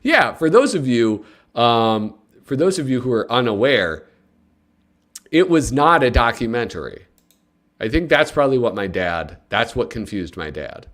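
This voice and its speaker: A man's voice: medium pitch, a little slow. A man hosting a casual live stream, chatting with viewers and joking as he reads a comic magazine aloud. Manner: animated and joking, with sudden excited yelps; talks to chat viewers.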